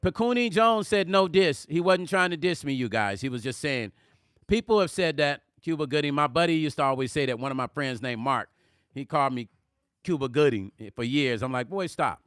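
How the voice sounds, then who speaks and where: A middle-aged man chats casually on a live music stream, reading out viewer comments and answering them. His voice is bright, clear and a little high, and it sits close and dry with no room sound. He talks with animated emphasis and often repeats himself to press a point. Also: brisk, no room sound. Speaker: music vlogger hosting a livestream.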